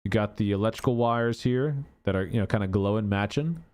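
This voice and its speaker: A man's voice: fairly low pitch, brisk, a little mellow, clear, resonant tone. A man giving casual gameplay commentary as a gaming YouTuber, thinking aloud in a chatty way with many filler words.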